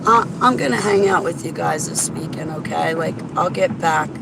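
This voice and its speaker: A woman's voice: low voice, normal speed, gravelly. A woman chatting casually while driving, rambling to herself and greeting viewers by name. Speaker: vlogger. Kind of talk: casual driving vlog chat. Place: inside a car on a highway. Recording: road and wind noise in a car.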